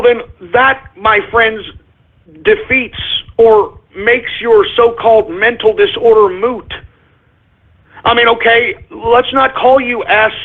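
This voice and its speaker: A man hosting a talk radio show, ranting in an abrasive, confrontational way. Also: extremely high pitch. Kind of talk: call-in radio rant. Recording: tinny phone-like lo-fi audio.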